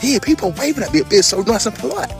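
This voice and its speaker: A man vlogs while out walking on a street, amused and animated, his fairly high voice swinging widely in pitch. Music plays clearly underneath. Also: rapid-fire. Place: outdoors on a street.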